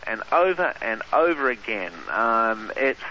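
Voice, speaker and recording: An Australian man, a radio guest, eagerly explaining in a casual interview with many filler pauses. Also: mid-range voice, animated, pushed and bright. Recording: dull lo-fi radio line, faint hiss.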